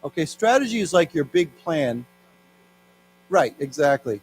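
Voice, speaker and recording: A fairly high-voiced man with an American accent teaches English from a news article. He reads slowly and explains each word, asking his class to repeat after him. A faint mains hum sits under the recording. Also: big pitch swings. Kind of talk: live English lesson reading news.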